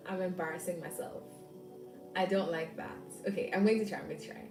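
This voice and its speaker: A woman's voice: lowish voice, steady tone, moderate pace, echoey room, far from the mic, music in the background, low-quality recording. A young woman with a Jamaican accent, chatting casually to her viewers with rambling asides and frequent laughs. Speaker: vlogger. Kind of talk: casual chat.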